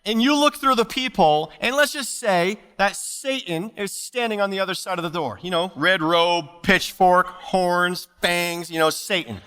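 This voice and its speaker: A man preaching a sermon as pastor, animated and playful, slipping jokes and asides between scripture readings. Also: high-pitched, moderate pace, hardly any pauses, smooth. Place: church service.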